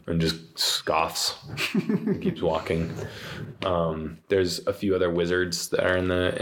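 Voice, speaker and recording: A young man narrating as game master in a tabletop game, relaxed and full of ums. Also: sits low, a little hiss or hum. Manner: relaxed, hesitant, with many ums.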